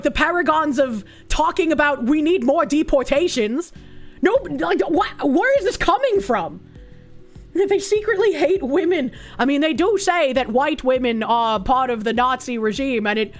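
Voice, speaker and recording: A woman streamer giving blunt, profane, sarcastic commentary in casual chat. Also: high voice.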